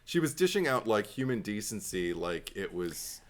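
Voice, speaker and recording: A man's voice: on the low side, sing-song, normal speed. A man co-hosting a podcast, chatting casually about a horror movie, laughing often and acting out lines from it. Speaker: podcast co-host. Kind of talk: casual movie critique chat.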